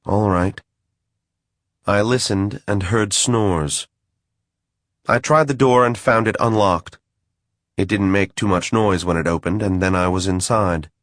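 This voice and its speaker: Low-voiced man narrating dryly. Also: unhurried, fairly bright tone, dry recording. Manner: dry, wry storytelling. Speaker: audiobook narrator. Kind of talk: first-person audiobook narration.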